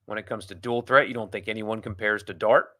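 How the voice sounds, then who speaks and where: A man's voice: on the low side, fairly even intonation, a little fast, sharp tone. A man hosting a live sports talk show, reading viewer comments and rambling through opinions with frequent restarts. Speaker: sports podcast host. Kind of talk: casual live-stream chat reading comments.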